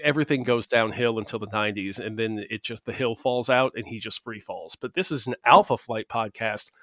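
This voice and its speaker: A middle-aged man co-hosting a podcast, chatting casually about comic books, laughing often and filling pauses with "uh". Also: on the low side, a bit bright, no room sound. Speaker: podcast co-host. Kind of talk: casual comic book discussion. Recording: dull dry recording.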